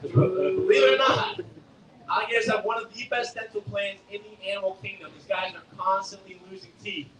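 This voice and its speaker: Young male gator-show presenter, high tenor, cracking jokes at a crowd; distant echoey outdoor capture. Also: steady tone, brisk, a bit bright, a little hiss or hum. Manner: joking, quizzing and teasing the audience. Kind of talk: live animal show talk to a crowd. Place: outdoor alligator show arena at a theme park.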